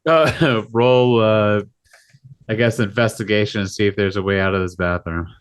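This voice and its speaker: A man's voice: lowish voice, moderate pace, clear, resonant tone, no room sound. A man narrating as game master of a tabletop game, laughing often between lines.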